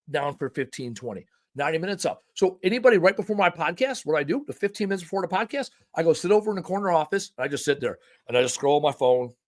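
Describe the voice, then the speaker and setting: A lively male podcast host with a fairly high voice that swings widely in pitch. He talks in an emphatic, folksy way and swears without a second thought, keeping the chat loose and casual. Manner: animated, emphatic, folksy and profane.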